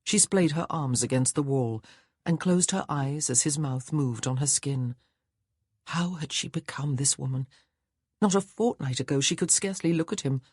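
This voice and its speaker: A man narrating a historical romance audiobook in a measured, even storytelling manner. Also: fairly high pitch, breathy edge, no room sound, clean studio sound. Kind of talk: scripted narration.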